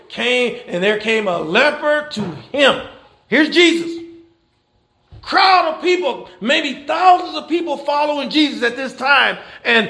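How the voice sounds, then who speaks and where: A man preaching a sermon, animated and folksy, with rhetorical questions and repeated phrases. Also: extremely high pitch, vocal fry, reverberant. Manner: folksy Southern American church phrasing. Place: church.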